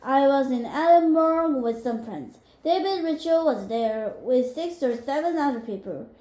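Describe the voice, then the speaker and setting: Woman reader, high voice, careful storybook narration, roomy sound. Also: lively intonation, a little slow, mellow. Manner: careful, with small restarts. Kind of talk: reading a graded reader aloud.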